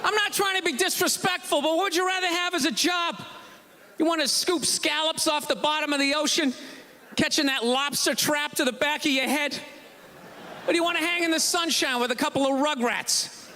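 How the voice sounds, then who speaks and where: A man doing a sarcastic, ranting stand-up routine on a comedy stage, shouting his punchlines over a live audience. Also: extremely high pitch, fairly quick. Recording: live stand-up with loud crowd and room noise.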